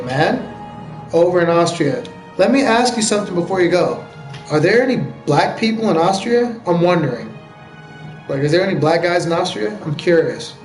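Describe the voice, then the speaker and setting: An American man chatting casually with viewers during a live game stream, joking and answering their questions out loud. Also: a little high. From United States. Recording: roomy echo with faint background music.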